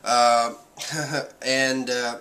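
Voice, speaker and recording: A man's voice: mid-range voice, little pitch movement, extremely slow, pushed and bright. A man casually reviewing a manga chapter, rambling through the story with many fillers and acting out quotes.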